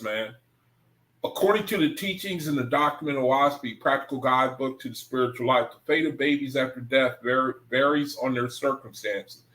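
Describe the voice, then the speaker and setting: A man hosting an online scripture study livestream, reading passages aloud slowly, rereading lines and chatting informally with viewers. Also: mid-range voice, poor audio. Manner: relaxed, informal talk with the audience. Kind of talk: casual livestream reading and commentary.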